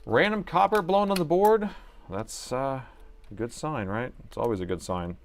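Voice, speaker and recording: A man with a medium-pitched, expressive voice speaks at a moderate pace, with a little hiss or hum in the audio. He's hosting a live laptop repair stream, muttering to himself as he works and chatting casually with viewers.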